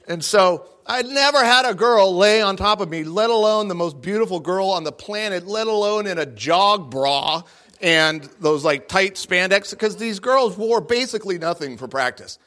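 Animated middle-aged male speaker with a bright, fairly high voice; self-mocking storyteller who acts out the voices for the crowd. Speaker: guest speaker. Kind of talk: comedic storytelling talk to an audience. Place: large room before a live audience.

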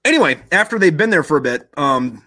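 A young man tells a story in casual podcast chat, rambling and swearing at every turn. His voice sits a little high and sounds bright and forceful. The sound is dry and close. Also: big pitch swings, fairly quick, no room sound. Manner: rambling, swears constantly, acts out quotes loosely.

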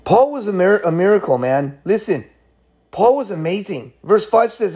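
High-voiced, excitable man preaching. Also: normal speed. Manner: excitable, slangy, keeps saying man. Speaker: Bible teacher. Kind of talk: casual Bible study talk.

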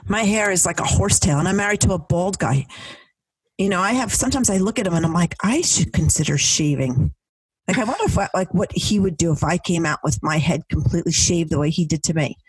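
A middle-aged woman co-hosting a podcast tells stories in casual chat, an animated storyteller acting out what people said. Her voice is fairly low, fast, and breathy-edged; the recording is dry with no echo, the mic a bit distant.

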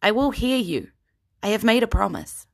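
A woman's voice: mid-range voice, big pitch swings, moderate pace, gravelly, pitched above the performer's own voice. A woman voicing a determined young female spellcaster who pleads urgently.

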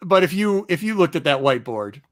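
A man's voice: fairly high pitch, lively intonation, brisk. A man hosting a podcast, talking animatedly about a book and pressing his points with emphasis. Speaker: podcast host. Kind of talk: casual book review chat.

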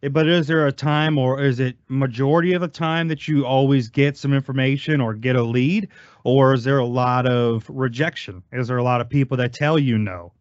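A man's voice: medium pitch, normal speed, dry recording, highs cut off. Encouraging male podcast host. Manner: encouraging, short affirmations. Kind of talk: interview.

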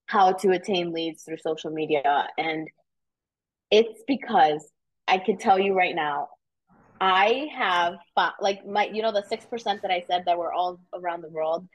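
A woman realtor chatting in a casual interview, telling animated stories and swearing casually. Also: on the low side, unhurried, low-quality recording. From United States. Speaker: realtor guest.

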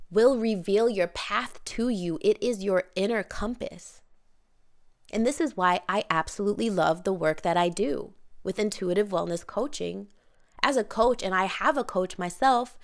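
A woman hosting her own podcast as a wellness coach, talking candidly and with emphasis in a motivational monologue, swearing casually. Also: mid-range voice. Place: home near the Caribbean.

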